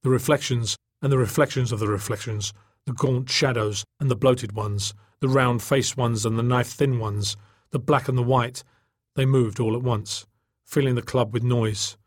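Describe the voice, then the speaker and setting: A male audiobook narrator reading in a steady, measured way. His voice is husky, in a middle pitch, recorded close and dry with no room sound. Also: dry recording. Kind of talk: scripted narration.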